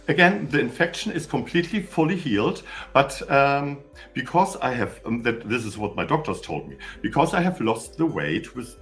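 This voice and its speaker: A man with a German accent and a mid-range, slightly bright voice hosts a casual live stream for his channel from his home in Austria. He rambles, stammers and chats cheekily with his viewers.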